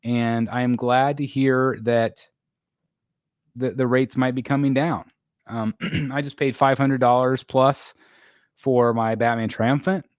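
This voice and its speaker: A man's voice: mid-range voice, steady tone, takes it slowly, dry recording, studio quality. Tired, rambling man hosting a live stream. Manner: rambling, filler-heavy, tired and yawning, clears throat often. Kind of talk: casual live chat reading viewer comments.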